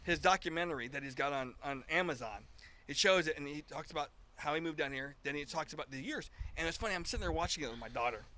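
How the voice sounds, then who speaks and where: A man's voice: fairly high pitch, lively intonation, fast, pushed and bright. A man in his fifties, a guest musician, telling stories in a casual chat, acting out quoted dialogue with frequent restarts.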